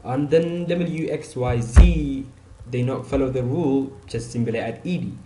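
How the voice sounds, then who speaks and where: A man's voice: medium pitch, a little slow, echoey room, noisy background. A man teaching an online English grammar lesson, repeating example words and saying "okay" often.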